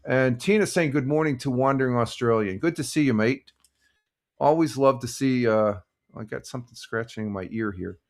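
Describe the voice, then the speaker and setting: Rambling and full of fillers, this older man's casual morning livestream covers sports results and greetings to viewers in the chat. He talks at a normal speed in a mid-range voice.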